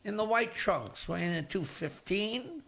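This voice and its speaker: An older man putting on the voice of a male boxing ring announcer, calling out each name in a grand, drawn-out way. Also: high voice, animated, gravelly, fairly bright tone, heavily acted. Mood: grandiose.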